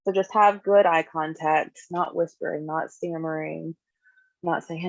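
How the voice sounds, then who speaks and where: Gravelly-voiced woman teaching a skills class. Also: on the low side, normal speed, dry recording. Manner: conversational, acts out example dialogue in lively voices. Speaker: skills group therapist. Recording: dull, dry lo-fi recording.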